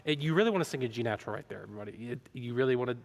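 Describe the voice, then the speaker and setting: A man's voice: mid-range voice, animated, rapid-fire, gravelly, big-room sound. A man leading a choir rehearsal, talking singers through their parts and counting them in, with a keyboard playing. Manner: upbeat, counts in and sings out vocal lines. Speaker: choir director.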